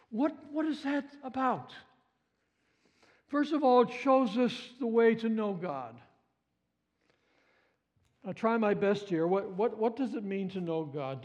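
High-voiced impassioned male preacher. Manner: impassioned, swings from hushed to exclaiming, repeats phrases. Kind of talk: sermon.

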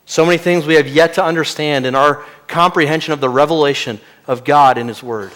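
A man preaching an expository sermon, his voice sitting somewhat high for a man. He often sinks into a hushed, emphatic delivery on key phrases. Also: a little fast. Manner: expository preaching, drops to quiet emphatic lines. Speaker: pastor.

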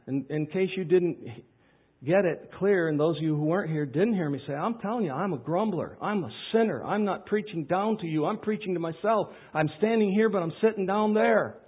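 A pastor preaching a sermon, swinging from loud pleading questions to quiet asides. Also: male voice, high voice, breathy edge. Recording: tinny phone-like sound.

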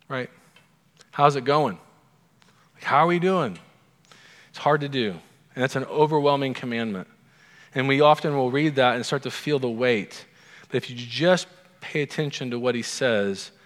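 A man's voice: mid-range voice, fairly bright tone. A man preaching a sermon in a conversational way, putting many questions to his listeners. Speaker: pastor. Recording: long hall reverb.

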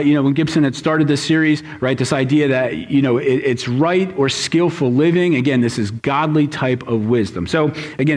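Lively storytelling male pastor. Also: a little high. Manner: lively storytelling, quick asides. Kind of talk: sermon with personal stories.

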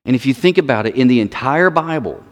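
A man's voice: medium pitch, lively intonation, fast. A man preaching a sermon, emphatic, repeating words for stress. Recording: long reverb of a large hall.

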